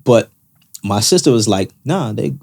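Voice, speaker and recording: Brief: male co-host, expressive lively pitch, earnest and restarting often. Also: unhurried, gravelly, husky. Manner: earnest, repeats words as he builds a point. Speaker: podcast co-host. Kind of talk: casual chat.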